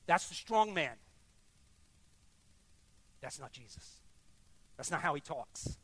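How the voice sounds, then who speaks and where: A man with a high, light voice preaching as the pastor of a church. He swings between hushed, intimate murmurs and loud, emphatic bursts, and turns to prayer before communion. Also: animated, normal speed, pauses often, no echo. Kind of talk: sermon. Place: church sanctuary.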